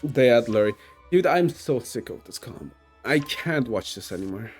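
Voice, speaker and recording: Man, game streamer, casual commentary, self-mocking, rambling, lively swooping pitch, faint background music. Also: moderate pace.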